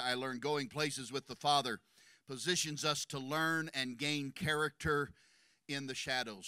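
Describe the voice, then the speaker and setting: A man preaching a sermon in a church, impassioned and building to shouts, racing through some phrases and slowing on others for emphasis. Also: mid-range voice, clear, resonant tone, dry recording, studio quality. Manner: impassioned, rising to shouts at climaxes; rapid bursts of speech between slower emphatic phrases. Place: church sanctuary.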